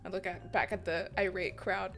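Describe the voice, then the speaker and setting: A woman's voice: mid-range voice, little pitch movement, creaky, a bit bright, faint music behind. A woman playing a tabletop role-playing game, talking hesitantly while she decides what her character does. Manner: amused, hesitant, quick to laugh. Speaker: player.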